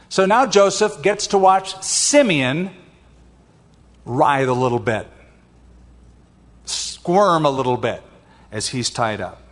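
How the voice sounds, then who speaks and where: A man's voice: fairly high pitch, big-room sound. An older man preaching a sermon in a conversational way, with personal asides. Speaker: pastor.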